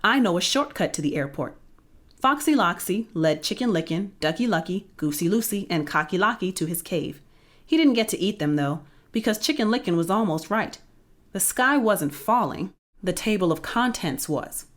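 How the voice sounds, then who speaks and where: A woman reading a children's picture book aloud in a playful, expressive storytelling voice. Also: mid-range voice, normal speed.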